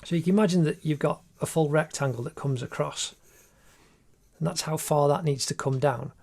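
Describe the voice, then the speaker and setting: A man's voice: on the high side, normal speed, creaky, a little mellow. A man talks through a drawing tutorial step by step in an encouraging way, recorded as a voice-over while he draws. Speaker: art teacher.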